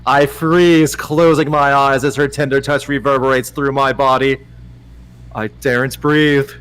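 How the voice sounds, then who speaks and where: A man as guest reader on a livestream, giving a mock-dramatic, teasing reading and loudly urging the host on. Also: medium pitch, level tone, unhurried, smooth, low-quality recording. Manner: teasing, theatrical, swings to loud urging.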